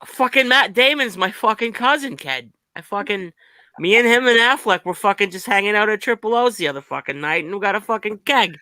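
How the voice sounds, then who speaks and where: A man's voice: high-pitched, animated, fairly quick, bright, forceful tone, clear, resonant tone, dry recording, heavily acted, low-quality recording. A man doing a foul-mouthed Boston tough guy. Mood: boasting. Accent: put-on Boston. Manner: rambling, swearing in nearly every phrase. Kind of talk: improvised comedy bit on a live web show.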